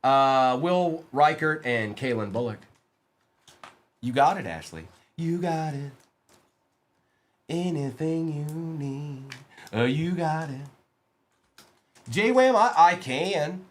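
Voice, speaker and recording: Casting: male card-break streamer, lively pitch swings, quick excitable banter with chat.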